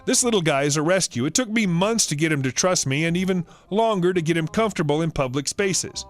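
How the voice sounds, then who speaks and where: Lively high-voiced male story narrator. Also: fairly quick, faint music behind. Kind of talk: scripted narration of online stories.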